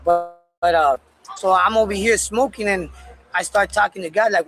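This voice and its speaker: A man casually telling a personal story in a candid, profane, animated way. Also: high voice, moderate pace, a little hiss or hum, rough recording.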